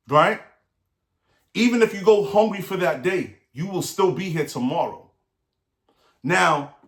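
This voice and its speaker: Middle-aged man, somewhat high voice, earnest motivational talk that keeps checking in with the listener, roomy echo. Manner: earnest, repetitive, asks the listener "right?". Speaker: motivational speaker.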